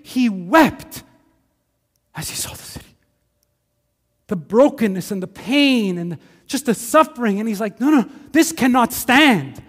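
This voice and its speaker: A man with a Quebec accent preaching a conversational sermon as a pastor, animated and full of acted asides. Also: high voice, big-room sound. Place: church sanctuary.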